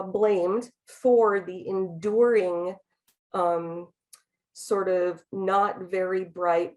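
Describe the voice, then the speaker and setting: A woman giving an academic talk about slides, speaking quickly with many ums and restarts. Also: mid-range voice, darkish tone, low-quality recording. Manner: speaks fast. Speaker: lecturer.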